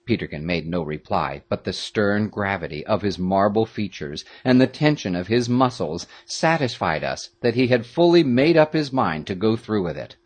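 Man, audiobook narration, husky voice, animated intonation, dramatic. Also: lowish voice, moderate pace, few pauses. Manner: expressive, dramatic reading. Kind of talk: first-person storybook narration.

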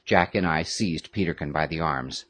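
A man narrating a classic adventure story in the first person, with an expressive, dramatic reading. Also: very deep voice, moderate pace. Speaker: audiobook narrator.

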